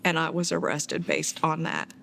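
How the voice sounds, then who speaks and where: Gravelly-voiced woman recounting hard memories. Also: low-pitched, very animated, a little hiss or hum. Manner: halting, sighing, soft-spoken retelling. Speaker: abuse survivor telling her story. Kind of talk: documentary interview testimony.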